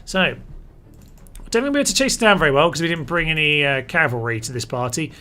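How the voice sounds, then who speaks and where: A man's voice: a little high, expressive, fast talker, sharp tone. A man giving chatty live commentary on a strategy game and talking his units through their orders. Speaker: gaming channel host.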